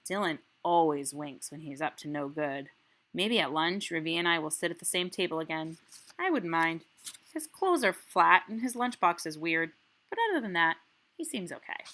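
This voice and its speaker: A woman teacher reading a children's novel aloud and pausing to ask the class questions, checking in with "right?" as she goes. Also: low-pitched, lively intonation, pushed and bright.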